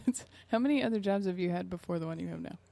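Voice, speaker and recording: A woman's voice: lowish voice, very fast, vocal fry, mellow, dry recording. Young woman with dry, teasing humor. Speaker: podcast co-host. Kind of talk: casual chat.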